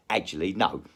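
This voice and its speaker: A man's voice: low-pitched, creaky, a bit bright, husky. A man hosting his own show, telling a crude story in a rambling comic monologue full of swearing. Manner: crude, swearing, jumps between put-on accents. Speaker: podcast host.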